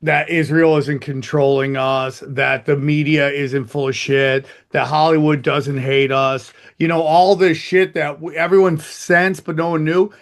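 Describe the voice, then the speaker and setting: Male host, profane and rambling, fairly high voice. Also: flat delivery, measured pace, hardly any pauses. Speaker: podcast host. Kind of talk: casual chat.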